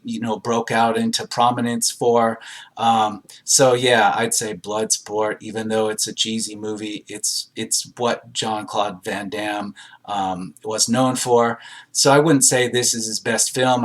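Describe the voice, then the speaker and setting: Rambling man reviewing a movie. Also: fairly low pitch. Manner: rambling, many fillers and hesitations. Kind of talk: casual commentary reading audience reviews.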